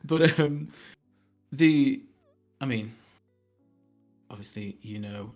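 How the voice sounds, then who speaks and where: A man's voice: mid-range voice, slow pace, a little mellow, highs cut off. A man co-hosting a casual podcast, teasing his friend and chipping in with short quips. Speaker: podcast co-host. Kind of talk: casual chat. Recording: faint background music.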